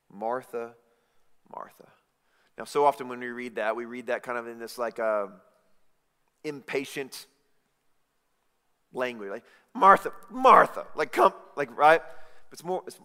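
A man preaching a sermon, swinging from loud emphatic lines to hushed, intimate ones. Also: medium pitch. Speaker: pastor. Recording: reverberant hall.

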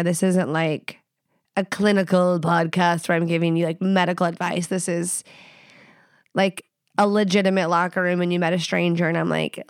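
Young woman podcaster, blunt and cussing, super smooth clear voice, dry close mic. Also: fairly low pitch, no echo. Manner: blunt, profane, playful. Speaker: podcast host. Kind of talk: casual sex advice podcast.

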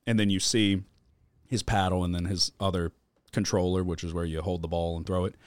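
A man's voice: deep voice, flat delivery, a little fast, clear, resonant tone, dry recording. A man hosting a podcast, telling rambling stories full of swearing and filler words in casual chat. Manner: rambling storytelling, heavy swearing, lots of filler. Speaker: podcast host.

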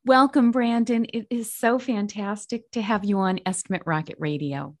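A woman's voice: medium pitch, normal speed. A woman hosting a podcast, introducing guests in an upbeat, enthusiastic way. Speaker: podcast host.

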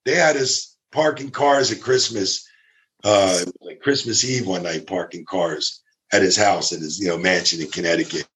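A man's voice: sits low, normal speed, fairly bright tone. A man, a guest in a casual chat, telling stories in an easygoing way with laughs.

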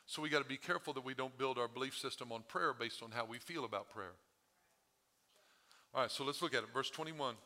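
A man's voice: mid-range voice, brisk, sharp tone. A male pastor preaching a sermon, his voice strained from overuse, talking with the congregation and asking them questions. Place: church sanctuary.

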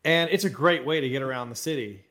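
A man co-hosting a podcast, telling travel stories in casual chat, animated and laughing a lot. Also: mid-range voice, fast. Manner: animated storyteller, laughs often. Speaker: podcast co-host. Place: travelling abroad.

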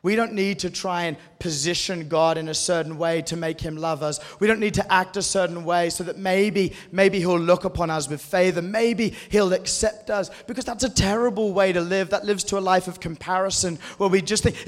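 A man preaching an earnest, conversational sermon with a fairly high voice. His words ring out with the long reverb of a large hall. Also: steady tone, moderate pace, hardly any pauses. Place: church hall with an audience. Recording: echoey hall.

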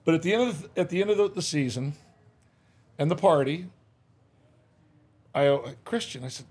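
Husky older man telling folksy stories. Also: on the high side, moderate pace, long pauses. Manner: folksy, animated storyteller acting out quotes. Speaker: guest, former baseball manager. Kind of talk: casual interview storytelling. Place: podcast studio.

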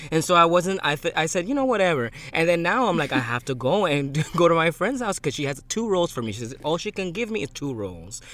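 A man co-hosting a casual chat podcast, telling stories in an animated, dramatic way. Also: a little high, fairly quick, few pauses. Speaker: podcast co-host.

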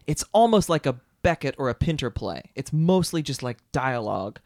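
A man chats on a podcast about books he loves, enthusiastic and a little rambling. His voice sits at a middle pitch, recorded close and dry with no room sound. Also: very animated, moderate pace, darkish tone, no room sound. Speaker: podcast co-host. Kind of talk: casual chat, book recommendation.

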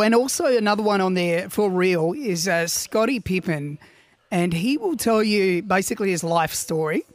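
A man's voice: high voice, no room sound. A man, a producer on a radio show, chatting playfully. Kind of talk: casual radio chat.

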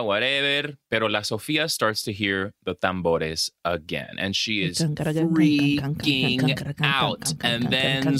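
A man's voice: mid-range voice, unhurried, hardly any pauses, dry recording. A man co-hosting a podcast, recapping a film in a casual chat and mixing Spanish phrases into his English, with a Dominican-American accent. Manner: animated storytelling, switching between English and Spanish. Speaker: podcast co-host.

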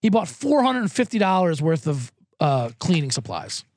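A man's voice: a little high, sing-song, normal speed, darkish tone, dry recording, clean studio sound. Rambling, self-deprecating male comedy host. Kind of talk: comedic monologue. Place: Los Angeles.

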